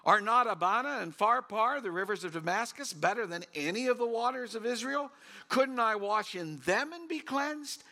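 A man's voice: sits high, lively intonation, moderate pace, bright, forceful tone, voice pushed up, full character voice. A man reading aloud in the voice of a proud, angry army commander. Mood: indignant. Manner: indignant, raising his voice.

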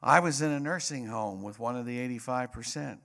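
A man's voice: medium pitch, brisk, gravelly, fairly bright tone. A man preaching a sermon as pastor, emphatic and repetitive, rising to passionate peaks.

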